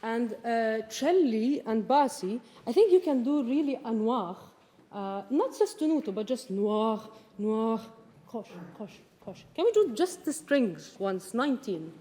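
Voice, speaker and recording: High-voiced woman conductor in a hall. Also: very animated, normal speed, mellow. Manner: sings out rhythms, coaching and encouraging. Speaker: orchestra conductor. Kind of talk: orchestra rehearsal instructions. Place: concert hall with orchestra. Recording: reverberant hall, orchestra behind.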